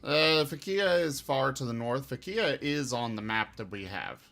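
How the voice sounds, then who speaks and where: Man, tabletop player, slow rambling talker, bright voice. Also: mid-range voice, lively intonation, creaky, soft background music. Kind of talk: casual tabletop chat.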